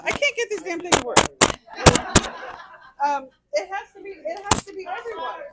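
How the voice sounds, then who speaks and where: A woman talks to a local crowd in a high voice. She tells anecdotes in a lively way and plays both sides of each exchange herself. Her tone stays conversational and energetic. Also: moderate pace, very noisy. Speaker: congresswoman speaking at a meeting. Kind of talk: speech to a local political group.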